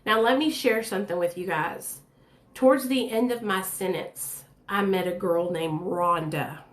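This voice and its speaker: A woman's voice: on the low side, unhurried. Candid woman telling her story, echoey room. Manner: candid, blunt and chatty, addresses viewers directly. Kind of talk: casual storytelling to camera.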